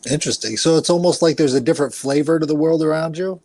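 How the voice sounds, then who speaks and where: A man co-hosting a podcast, with a mellow, rather high voice. He breaks in with short, joking remarks. The sound is dry and close. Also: no echo. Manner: joking, quick interjections. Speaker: podcast co-host. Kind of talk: casual chat.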